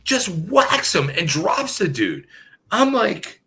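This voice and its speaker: A man's voice: high voice, sing-song, slow, bright, forceful tone. A middle-aged man, a former wrestler guesting on a podcast, telling wild stories in a casual, profane way, laughing and repeating himself. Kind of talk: casual storytelling.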